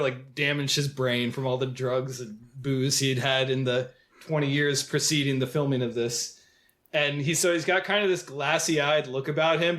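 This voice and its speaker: A man co-hosting a film podcast rambles casually, leaning heavily on "like" and other fillers. His voice is fairly high-pitched and a bit bright.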